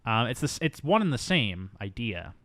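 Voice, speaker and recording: A man's voice: medium pitch, very animated, normal speed, fairly bright tone, no room sound. A man hosting a casual movie review podcast, rambling and jokey, now and then slipping into silly voices. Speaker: podcast host.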